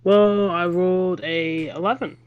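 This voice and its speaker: A tabletop player who talks slowly and a little hesitantly. The sound is dull and lo-fi, as if through a cheap mic. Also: mid-range voice, steady tone, clean tone. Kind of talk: playing a tabletop game.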